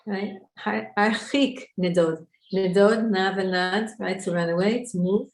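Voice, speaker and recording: A woman's voice: mid-range voice, fairly even intonation, unhurried, few pauses. A woman teaching a women's Torah class online, explaining Hebrew words and asking her students questions. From Israel. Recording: echoey room.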